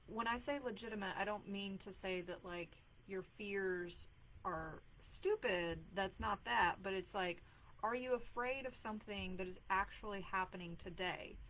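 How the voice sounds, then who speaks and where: Chatty mom on a live stream. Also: female voice, medium pitch, fairly even intonation, a little slow, fairly bright tone, poor audio. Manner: earnest, chatty, many fillers and "like"s. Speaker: mom life coach hosting a live video. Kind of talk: casual live-stream talk.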